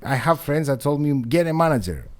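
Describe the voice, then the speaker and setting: Animated accented man telling stories. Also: a little high, a little fast. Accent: non-native English. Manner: animated storyteller, acts out quotes, laughs a lot. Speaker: podcast co-host. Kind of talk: casual chat.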